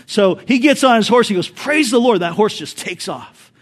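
Brief: high-pitched male pastor, lively preaching, storytelling. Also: normal speed. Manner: animated, storytelling with jokes. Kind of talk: sermon.

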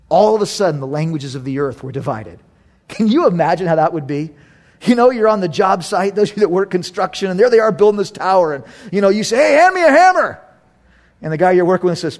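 A middle-aged man preaching a sermon, animated and acting out voices with sarcastic humor. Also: sits high. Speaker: pastor.

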